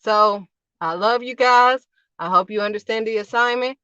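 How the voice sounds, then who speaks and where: A woman's voice: on the high side, normal speed, pushed and bright, smooth, no room sound, muffled recording. A woman preaching casually to camera as a channel host, emphatic and repetitive, driving each point home in short punchy phrases.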